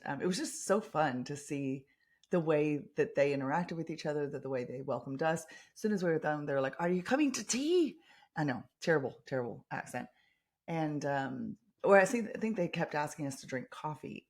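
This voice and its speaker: American woman podcaster, low voice, chatty and upbeat, lots of ums. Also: darkish tone. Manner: chatty, enthusiastic storytelling with frequent ums and restarts. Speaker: podcast host. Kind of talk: casual chat.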